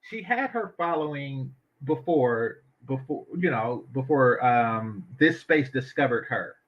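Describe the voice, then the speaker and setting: A man's voice: mid-range voice, lively intonation, slow. A man hosting a casual commentary stream, blunt and opinionated and swearing freely as he reacts to an interview. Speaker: commentary channel host. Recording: dull lo-fi audio.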